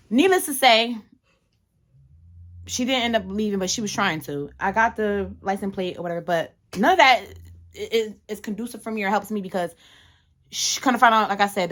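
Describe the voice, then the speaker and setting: A woman's voice: medium pitch, a bit bright. Heated, profane woman vlogger ranting. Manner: heated, blunt and profane, with many restarts. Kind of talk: casual storytime rant.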